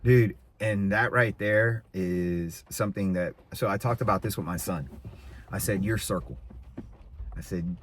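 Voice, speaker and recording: A middle-aged man with a lowish voice hosts a relaxed conversation. He talks with energy and jumps into high, playful voices when he quotes people. A faint hum of room noise sits under his voice. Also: unhurried. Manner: animated, acts out quotes with sudden high voices. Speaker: podcast host. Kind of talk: casual chat.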